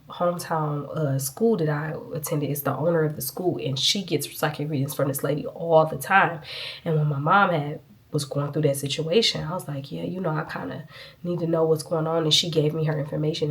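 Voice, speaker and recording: A woman's voice: deep voice, steady tone, a little fast. A woman giving a casual, earnest faith testimony to her viewers, sniffling a little as she talks. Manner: earnest, chatty, addresses viewers as y'all. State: sniffling, itchy nose. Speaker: vlogger.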